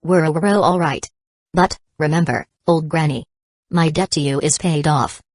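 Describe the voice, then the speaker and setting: A woman's synthetic voice voicing a quick-tempered, threatening male pirate emperor in a storybook reading. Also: low-pitched, darkish tone, no echo, studio quality. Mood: angry scornful.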